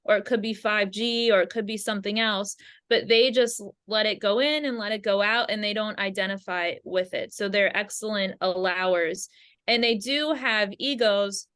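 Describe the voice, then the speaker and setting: A woman in casual podcast talk, explaining ideas in a calm, spiritual way over a video call. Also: mid-range voice, normal speed, clear, resonant tone. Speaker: podcast guest. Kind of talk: casual chat.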